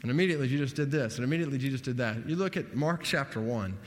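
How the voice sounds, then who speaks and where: A man's voice: mid-range voice, rapid-fire. Man preaching with big hall reverb. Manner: animated preaching, rising emphatically on key points. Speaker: pastor. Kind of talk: sermon.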